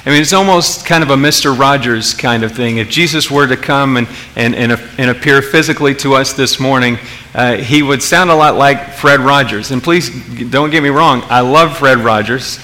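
Male pastor, casual sermon, forceful bright tone, halting restarts. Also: mid-range voice. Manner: conversational, many restarts, asks the audience questions.

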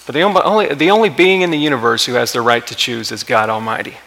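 A man preaching a sermon as pastor, impassioned, building to emphatic peaks and then dropping quiet. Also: mid-range voice, fairly even intonation, quick pace, vocal fry, rough recording.

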